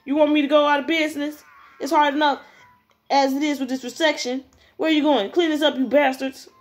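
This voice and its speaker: A woman reads as an irritated restaurant owner. He scolds in a near-plain voice with a raised pitch. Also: flat delivery, a little fast, faint music behind, close to an everyday voice. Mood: scolding.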